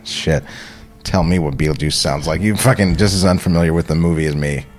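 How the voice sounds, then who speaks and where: A man's voice: rumbling low, brisk, faint music behind. A man co-hosting a podcast in casual chat, joking, rambling, and cursing freely. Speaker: podcast co-host.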